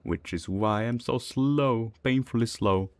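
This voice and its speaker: Speaking a little slowly in a mid-range, somewhat mellow voice, this man offers casual gameplay commentary as a gaming streamer. He has an Eastern European accent and rambles with fillers and chuckles, over a little hiss or hum.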